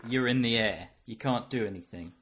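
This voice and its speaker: A man's voice: medium pitch, brisk, a bit bright. A man co-hosting a casual podcast chat, wry and chatty, posing hypothetical questions. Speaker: podcast co-host.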